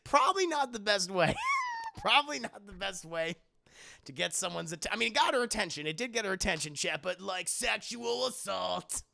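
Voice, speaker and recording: Excitable guy streamer recapping an anime, swears a ton, gravelly and high. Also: moderate pace. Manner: excitable, jokey, swears often, laughs a lot. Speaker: streamer reviewing an anime episode. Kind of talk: casual profane recap with acted-out quotes. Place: streaming setup at home.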